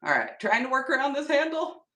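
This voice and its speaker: A woman's voice: sits high, very animated, a little fast, bright, forceful tone, far from the mic. A woman hosting a casual live-selling craft stream, chatting upbeat with viewers while she paints, a little tired. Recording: echoey room, voice off-mic.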